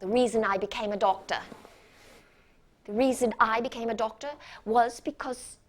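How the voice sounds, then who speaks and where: A woman playing a self-doubting hospital doctor in a stage monologue, halting and stammering with restarts. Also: on the high side, fairly even intonation. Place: stage performance.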